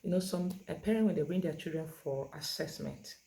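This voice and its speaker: Woman educator, low voice, emphatic, halting delivery full of fillers. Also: creaky, dark tone. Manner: emphatic, repeats key words with stress. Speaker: autism communication educator. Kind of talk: instructional talk to parents.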